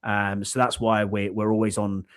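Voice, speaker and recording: A man's voice: fairly low pitch, little pitch movement, normal speed. Chatty man hosting a sports show. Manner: chatty, hesitant with frequent ums, laughs easily. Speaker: podcast host. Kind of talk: casual sports chat.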